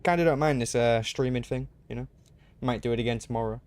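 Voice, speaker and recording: A man's voice: medium pitch, fast, darkish tone. An English man streaming a game, chatting casually and answering his chat aloud in an easygoing way.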